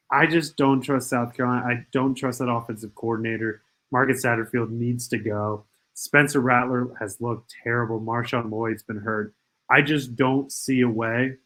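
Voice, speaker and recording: A man's voice: medium pitch, fairly bright tone, rough recording. A young man hosting a sports podcast, reeling off football betting picks and stats emphatically. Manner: rapid stat-heavy picks, emphatic. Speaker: podcast host.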